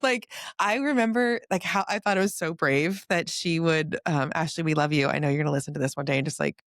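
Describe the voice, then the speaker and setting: Female podcast host, chatty and gushing, mid pitch, dry close mic. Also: brisk, dry recording. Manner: warm gushing storyteller, many "like" fillers. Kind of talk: casual heartfelt chat. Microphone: studio microphone.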